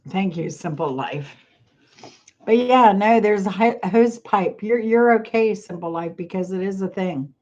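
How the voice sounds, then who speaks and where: A woman with a medium-pitched, dark-toned voice speaks at a measured pace while hosting a relaxed livestream and reading comments from viewers. She's rambling and self-amused, trails off mid-sentence, and contends with a cough and sneezes, and the audio sounds dull.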